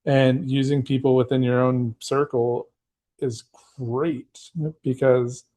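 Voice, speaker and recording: Male podcast host from Texas, casual and animated, does quick voices for the people he quotes. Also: medium pitch. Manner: animated storyteller who acts out quoted voices. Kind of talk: casual chat.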